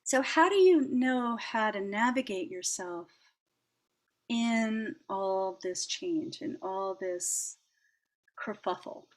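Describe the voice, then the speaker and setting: Gentle woman sharing reflective personal talk. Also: mid-range voice, animated, slow pace. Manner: gentle, warm-hearted, laughs often, many fillers and restarts. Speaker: host.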